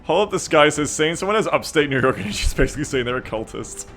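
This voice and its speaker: A man's voice: a little high, lively intonation, quick pace, a bit bright, faint music behind. A man streaming a strategy game, chatting casually with viewers and reading their messages aloud in a playful, teasing way, laughing often.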